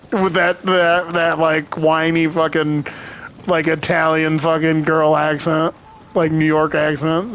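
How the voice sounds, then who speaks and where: A man's voice: fairly high pitch, little pitch movement, measured pace, fairly bright tone, a little hiss or hum. A young man chatting casually as he streams a game, rambling, swearing and laughing often. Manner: rambling, profane, laughs a lot. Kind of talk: casual chat while gaming.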